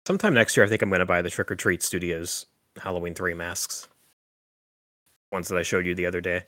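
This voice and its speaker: A man's voice: deep voice, normal speed, pauses often, fairly bright tone, dry recording. A man hosting a podcast, recapping a horror film in casual chat, full of "like" and "um". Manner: rambling, filler-heavy with frequent "like" and "um". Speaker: podcast host.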